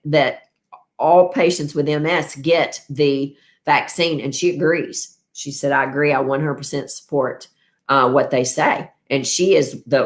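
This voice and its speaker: Brief: tired woman in her fifties, low voice, rambling livestream host. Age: 50s. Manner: rambling, warm toward viewers. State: tired after illness. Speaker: wellness show host. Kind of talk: casual livestream chat.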